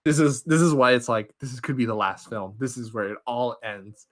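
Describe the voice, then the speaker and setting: A young man hosting a podcast, giving an excited, rambling movie recap and acting out characters' lines. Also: medium pitch, a little fast, hardly any pauses. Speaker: podcast host.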